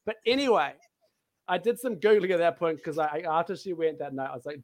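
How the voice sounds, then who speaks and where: A man's voice: a little high, brisk, no room sound. Young man, candid guest over a video call, tells it with self-mocking laughs, dry sound. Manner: laughing, self-deprecating storytelling. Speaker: podcast guest. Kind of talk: casual candid chat. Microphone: headphones on a video call.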